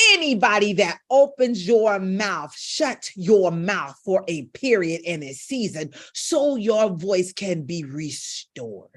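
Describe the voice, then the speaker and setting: Middle-aged woman vocal coach, high and animated, emphatic, stressing points again and again. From Gary, Indiana, USA. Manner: emphatic, repeats phrases for stress. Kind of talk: emotional motivational teaching.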